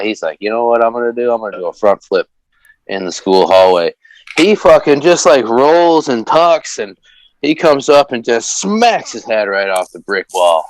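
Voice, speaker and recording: A man's voice: on the low side, no room sound, rough recording. A man telling a rambling story in a casual podcast chat, cursing freely and acting out the people he quotes. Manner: rambling, swears often, acts out quotes. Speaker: guest.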